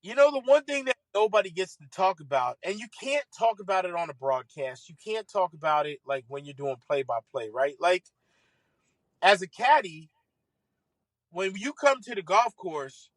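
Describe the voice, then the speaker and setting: A golf caddie spins lively stories on a podcast, laughing and swearing casually as he goes. His high, bright voice carries the tale. The sound is close and dry, with no room echo. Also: normal speed. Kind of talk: animated anecdote storytelling. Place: podcast studio.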